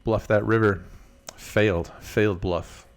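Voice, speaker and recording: Man, poker streamer, casual live commentary, chatty, lowish voice, soft music behind. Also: fairly even intonation, unhurried. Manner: laid-back, chatty, multitasking while reading chat. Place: in Las Vegas.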